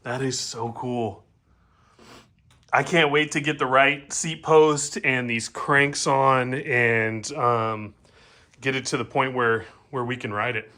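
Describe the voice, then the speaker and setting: A man hosting a casual bike build vlog, excitable and joking, often stammering and restarting his sentences in a home workshop. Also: medium pitch, slow. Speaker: channel host.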